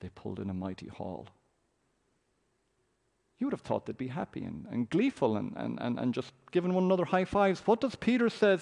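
A man's voice: medium pitch, very animated, normal speed, creaky, a little mellow. A man preaching a sermon, reading scripture aloud with a dramatic, raised voice.

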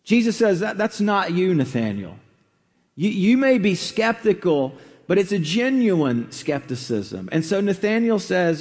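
Male preacher, high voice, relaxed conversational sermon delivery with ums and restarts, hall reverb. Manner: conversational, unhurried with fillers and restarts.

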